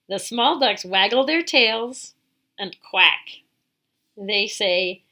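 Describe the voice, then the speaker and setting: A woman's voice: medium pitch, animated, slow pace, pushed and bright. A woman hosting a children's storytime, reading a picture book aloud, imitating animal sounds and asking the little listeners questions. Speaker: storytime host.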